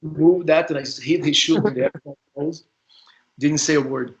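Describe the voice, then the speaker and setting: A man's voice: fairly high pitch, a little slow, lo-fi sound, a crowd in the background. A man with a Brazilian accent, a former player now coaching, telling locker-room stories in a loose, laughing, chatty way. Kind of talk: casual storytelling.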